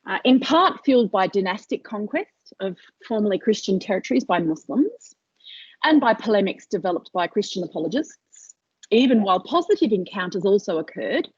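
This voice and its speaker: A woman's voice: medium pitch, animated, fairly quick, slightly rough, no room sound. A woman giving an academic seminar talk over a video call, hesitant, with many fillers and restarts. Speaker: lecturer. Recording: dull lo-fi video call audio.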